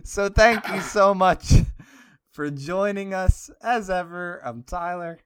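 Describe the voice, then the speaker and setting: A man's voice: high voice, takes it slowly, clean tone, no echo, clean studio sound. A young man hosting a comedy podcast, joking and laughing as he chats with his co-hosts. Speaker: podcast host. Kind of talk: casual comedic chat.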